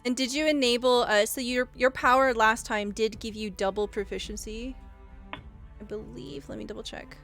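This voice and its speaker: A woman acting as game master, calmly calling for rolls and moving the group along. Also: on the high side, normal speed, vocal fry, faint music behind. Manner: relaxed, asks for rolls. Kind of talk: running a tabletop game.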